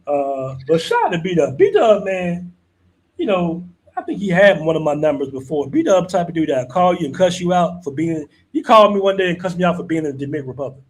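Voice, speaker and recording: A man's voice: fairly high pitch, very animated, a little fast, low-quality recording. A man hosting a live stream, talking in a laid-back, slangy way and often asking "you know what I'm saying". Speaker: host. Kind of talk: casual live-stream chat.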